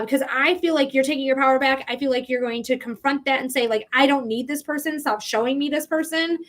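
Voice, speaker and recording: A woman hosting a live tarot reading, chatty and emphatic, who swears casually. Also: high-pitched. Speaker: psychic reader, livestream host.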